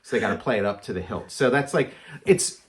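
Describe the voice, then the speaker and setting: A man's voice: on the low side, brisk. A man co-hosting a casual chat about movies, rambling with lots of filler words. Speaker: podcast co-host.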